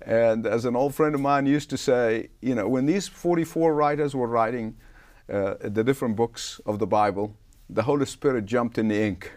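A man's voice: medium pitch, moderate pace, darkish tone. Emphatic older preacher man. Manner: emphatic, preacherly, swells on key words. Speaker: pastor guest. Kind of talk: interview answers, preaching tone.

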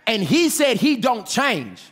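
A pastor with children preaching a sermon fervently, swinging between shouting and hushed tones and calling on the congregation to respond. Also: male voice, very high-pitched, sing-song, slow, breathy edge. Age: adult with children.

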